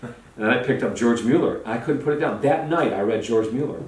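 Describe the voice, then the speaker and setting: A man telling a personal story in an excited way, often restarting and repeating words. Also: mid-range voice, brisk. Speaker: storytelling guest. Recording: roomy, distant, faint noise.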